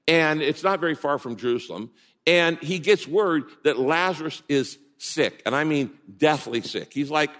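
A man preaching a sermon as pastor, animated and swinging from loud, high emphasis to hushed words. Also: in a large hall.

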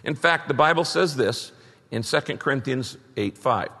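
A man's voice: medium pitch, animated, normal speed, gravelly, fairly bright tone, breathy edge. A man preaching a sermon as a pastor, emphatic, with bursts of rising energy. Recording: long reverb of a large hall.

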